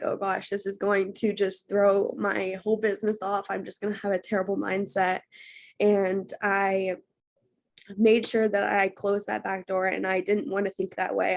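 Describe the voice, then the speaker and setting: Woman, emotional guest speaker, earnest testimony, mid-pitched, laughs through tears. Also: a little mellow. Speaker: guest speaker on a team call. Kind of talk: personal testimony.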